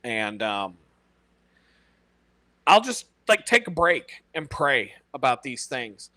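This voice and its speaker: A man hosting a casual live stream, talking in an animated, profane way and laughing often. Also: medium pitch, slow, no echo.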